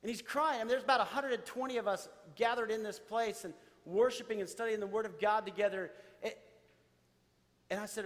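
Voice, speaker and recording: A man's voice: high voice, brisk. A man, a pastor preaching a sermon and telling stories to his church. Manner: storytelling, animated, addresses church directly. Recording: reverberant church hall.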